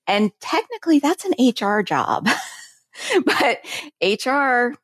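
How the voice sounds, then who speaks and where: Speaking slowly in a voice on the high side, this safety consultant in her 40s shares animated stories from her job during a casual interview. She chats freely with plenty of filler words, and the recording is dry and studio quality.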